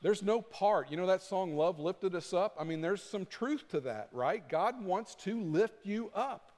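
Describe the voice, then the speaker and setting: A man preaching a sermon as pastor, animated and acting out his points with rising intensity. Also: high voice, unhurried. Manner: animated, acts out flapping with rising volume. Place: church sanctuary. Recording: long reverb of a church hall.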